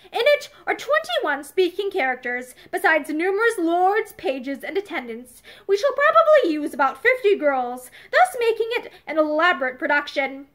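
A woman's voice: extremely high pitch, a bit bright, full character voice. A woman reading aloud as a formal woman school principal addressing a room of schoolgirls, in an audiobook. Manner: formal, measured speech.

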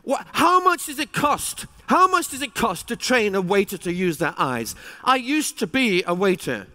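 Man, keynote speaker, emphatic and animated, high-pitched, echoing conference hall. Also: moderate pace. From England. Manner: animated, emphatic, with rising exclamations. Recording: reverberant hall.

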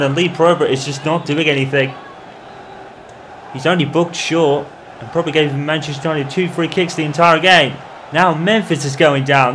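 Guy doing tv-style football commentary over his game, bit high voice, faint game noise behind. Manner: broadcast-style play-by-play, erupting at goals. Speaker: gaming commentator. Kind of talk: mock football match commentary over gameplay.

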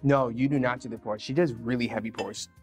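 A man's voice: mid-range voice, steady tone, fairly quick, soft background music. A man hosting a casual cooking chat in a home kitchen, tipsy and playfully teasing his guest. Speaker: host.

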